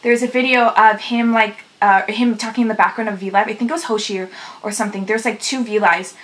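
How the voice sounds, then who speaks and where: A woman's voice: a little high, steady tone, fast, fairly bright tone, low-quality recording. A young woman hosting a fan reaction video, gushing and squealing as she reacts, with faint music behind her. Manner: gushing, squealing, breathless fangirling. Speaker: YouTube reaction host. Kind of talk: excited fan reaction vlog.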